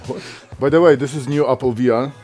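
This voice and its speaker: A man's voice: mid-range voice, fairly even intonation, fast talker, darkish tone, faint music behind. A man co-hosting a vlog outdoors in a snowstorm, playful and swearing, with slightly non-native phrasing. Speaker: vlog co-host. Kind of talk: casual chat.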